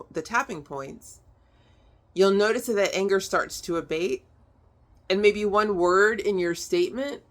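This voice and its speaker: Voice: mid-range voice, a bit bright. Chill tapping teacher talking it through, lots of um and like and right?, swears a bit. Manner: chatty, peppered with "um", "like" and "right?"; blunt, swears casually. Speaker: EFT tapping instructor. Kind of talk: casual instructional talk.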